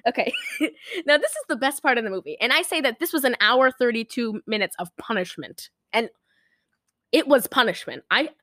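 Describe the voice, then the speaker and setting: Giggly high-voiced woman podcast host. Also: lively intonation, brisk, pushed and bright, dry recording. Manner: giggly, rambling, many fillers. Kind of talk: casual chat.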